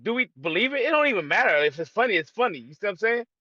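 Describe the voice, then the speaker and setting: A man on a podcast panel asking pointed questions in casual talk, slowly building toward his question. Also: sits high, sing-song, bright, forceful tone, dry recording, dull audio. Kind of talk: casual chat.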